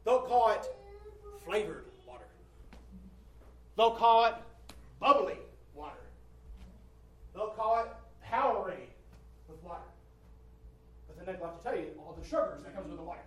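A man's voice: high-pitched, animated, moderate pace, long pauses. A male preacher giving an emphatic sermon, swelling and dropping his voice and repeating phrases for effect. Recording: roomy hall from a distant mic, faint ambience.

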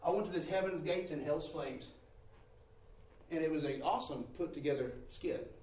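A man's voice: a little high, normal speed. Preaching man in an echoey hall. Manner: emphatic, swings from quiet to near-shouting; addresses listeners as brother and sister. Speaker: preacher giving testimony. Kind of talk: sermon testimony. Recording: echoey hall from far off, faint noise.

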